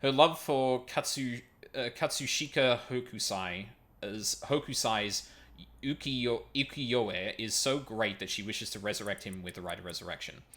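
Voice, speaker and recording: A man's voice: medium pitch, normal speed, fairly bright tone. A man streaming a video game, reading its text aloud and stumbling over unfamiliar words, with casual sweary asides.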